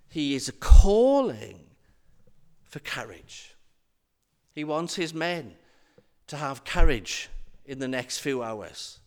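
A man preaching a sermon in a slow, emphatic way, with dramatic pauses and rhetorical questions to his listeners. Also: on the high side. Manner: asks the congregation rhetorical questions.

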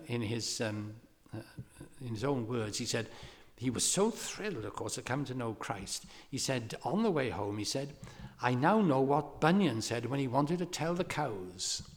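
A man preaching a sermon, telling a story with lively emphasis and pressing his hearers with questions. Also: mid-range voice. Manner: animated storytelling preacher, rising to impassioned exhortation. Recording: long hall reverb.

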